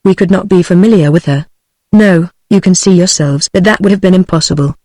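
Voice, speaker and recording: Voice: medium pitch, no echo. Synthetic audiobook narrator, dry and close. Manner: even, unhurried synthetic reading. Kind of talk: text-to-speech audiobook narration.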